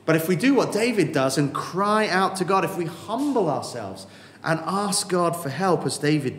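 A man preaching a sermon, earnest and emphatic, slowing down with dramatic pauses on key words. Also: a little high, sing-song, slight background noise. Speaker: pastor. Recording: echoey hall with faint ambience.

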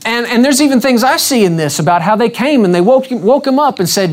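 A man's voice: very high voice, animated, a little fast. A man preaching a sermon, emphatic and repeating his questions, calling on the congregation to respond.

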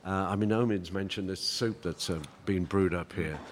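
A man hosting a panel discussion, introducing guests and topics calmly. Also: sits low, moderate pace, slight background noise. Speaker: radio host moderating a panel. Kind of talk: moderating a discussion.

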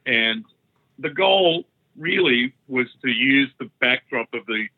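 A man's voice: medium pitch, lively intonation, creaky. An Australian man, a guest author, chatting in a friendly, joking way during an interview. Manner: chatty, friendly, quick to joke. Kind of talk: casual interview chat. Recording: tinny phone-line sound.

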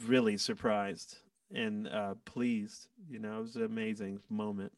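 A man, a guest musician, telling stories in a casual, animated way and acting out quoted lines. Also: fairly low pitch, unhurried, no echo, recorded from a distance. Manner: animated, acts out quotes with laughs. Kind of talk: casual storytelling.

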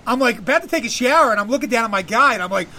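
A man's voice: extremely high pitch, lively intonation, rapid-fire, sharp tone. A man hosting a podcast, telling a long profane story in a rambling casual way and laughing often. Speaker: podcast host.

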